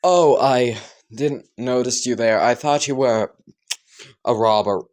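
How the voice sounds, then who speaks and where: A man's voice: medium pitch, takes it slowly, a little mellow, close to an everyday voice. A man doing a sneering drunk abusive dad. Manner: sneering, cursing, barking orders. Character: drunk abusive father, cruel and mocking.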